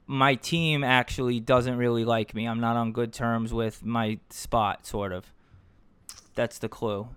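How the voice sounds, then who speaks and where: A man co-hosting a podcast, trading baseball quiz clues in casual, animated chat and swearing freely. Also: medium pitch, smooth, no room sound. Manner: animated, swears, quick asides. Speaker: podcast co-host.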